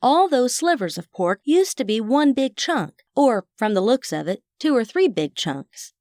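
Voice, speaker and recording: A woman's voice: on the high side, big pitch swings, unhurried, darkish tone, no room sound, studio quality. A woman narrating a first-person audiobook in a wry, chatty manner.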